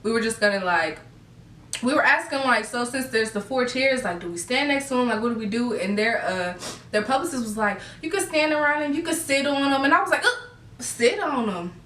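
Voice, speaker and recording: A young woman tells her viewers a story in a casual, gushing way, giggling as she goes. Her voice is bright and fairly high. She sits a little back from the mic in an echoey room. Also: fairly quick, far from the mic. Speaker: vlogger.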